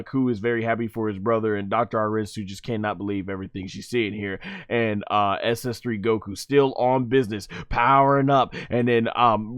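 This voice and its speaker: A man giving excited commentary on anime fights, laughing often and shouting out the characters' lines. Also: lowish voice, clean tone, no echo, studio quality.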